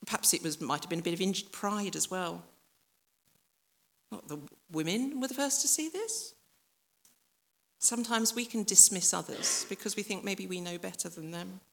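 A woman's voice: mid-range voice, expressive, normal speed, gravelly, a bit bright. A woman preacher giving a reflective, conversational sermon that speaks directly to the listeners and acts out voices from the story.

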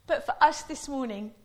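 A woman preaching a sermon, telling stories in a chatty way before leading a prayer. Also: high-pitched. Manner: chatty storytelling, laughing often.

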